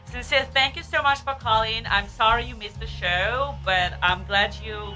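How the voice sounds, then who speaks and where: A woman's voice: on the high side, fairly even intonation, moderate pace, pushed and bright, soft background music. Laughing Eastern European woman radio host. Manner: laughs often, coaxing and encouraging. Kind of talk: casual radio chat with a caller. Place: radio studio.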